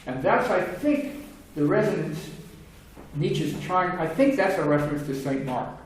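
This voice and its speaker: A man's voice: fairly high pitch, big pitch swings, measured pace. Older man lecturing in an echoey room. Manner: discursive, many restarts and fillers, acts out quoted voices. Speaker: philosophy lecturer. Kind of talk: seminar talk. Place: seminar room. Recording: very echoey room, distant mic, faint hiss.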